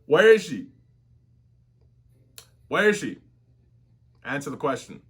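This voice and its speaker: A man's voice: fairly high pitch, very animated, slow, a bit bright, slightly rough, pitched below the performer's own voice, heavily acted. A man voicing a stern, powerful man who bluntly presses for answers. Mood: demanding.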